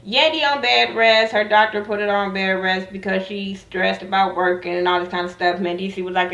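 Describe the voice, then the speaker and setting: A woman's voice: medium pitch, fairly even intonation, brisk, few pauses, fairly bright tone, far from the mic, lo-fi sound. A woman giving a blunt, profane casual vlog recap of a TV show, often trailing off with asides. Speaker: TV show reviewer. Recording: echoey room, voice off-mic.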